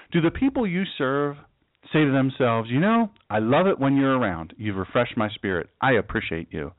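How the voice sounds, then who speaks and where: A man's voice: fairly high pitch, dry recording. Joking man teaching scripture. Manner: folksy, joking asides, acts out quotes. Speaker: pastor. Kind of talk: casual Bible teaching. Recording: dry, tinny phone-like sound.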